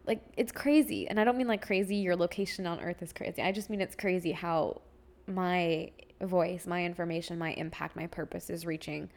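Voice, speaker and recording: A young woman hosts her own podcast and talks to her listeners in a loose, heartfelt way, full of fillers and restarts. Her voice sits fairly low and stays quite even in pitch. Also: a little fast. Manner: heartfelt, rambling, with many fillers. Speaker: podcast host. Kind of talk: casual solo podcast update.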